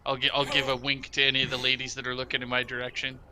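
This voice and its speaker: Player, man, very bright sharp tone, wry, faint background noise. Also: mid-range voice, completely flat delivery, rapid-fire. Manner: dry, wry in-character quips. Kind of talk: casual role-play banter.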